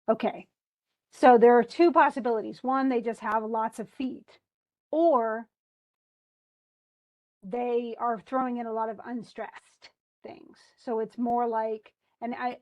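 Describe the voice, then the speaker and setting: Middle-aged woman, classroom teacher, slightly high voice, chatty, thinks aloud. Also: darkish tone. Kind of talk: classroom lesson on poetry meter.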